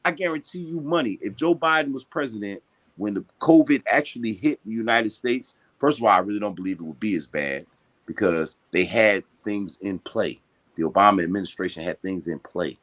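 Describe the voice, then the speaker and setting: A man's voice: on the low side, animated, fairly quick, fairly bright tone. A man hosting a podcast, talking in a heated, casual and profane way, full of slang and emphasis. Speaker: boxing podcast host.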